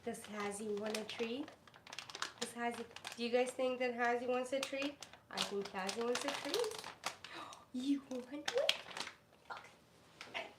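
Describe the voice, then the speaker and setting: A woman's voice: on the high side, normal speed, pauses often. A woman streamer chatting casually and rambling, cooing to her dog between stories. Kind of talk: casual live-stream chat. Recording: echoey room with faint noise.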